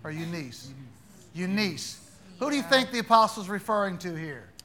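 A man's voice: high voice, animated, a little fast, bright, forceful tone. A man teaching an interactive Bible class, quizzing his students in a playful, teasing way.

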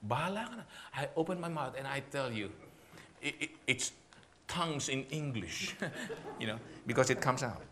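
A middle-aged pastor, preaching in an animated, humorous way and laughing often. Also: male voice, mid-range voice, moderate pace, slight background noise. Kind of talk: sermon talk with humor.

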